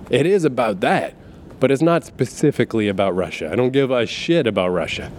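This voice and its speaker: Male host, middle pitch, loose profane monologue, laughs a lot, full of "you know" and "like". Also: a little mellow, slight background noise. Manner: profane, laughs often, many fillers and asides. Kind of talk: casual rambling monologue.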